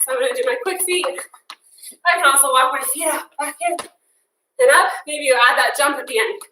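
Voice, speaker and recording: A woman's voice: high-pitched, a little fast, pushed and bright, a little hiss or hum. A woman fitness instructor leading a workout class, upbeat and encouraging, counting down and cheering with whoops. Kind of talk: live workout class cueing. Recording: echoey room, voice from a distance.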